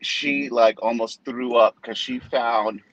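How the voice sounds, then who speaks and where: A pastor in his forties in casual chat, an animated storyteller who acts out the people he quotes. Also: medium pitch, slow pace, no echo, highs cut off.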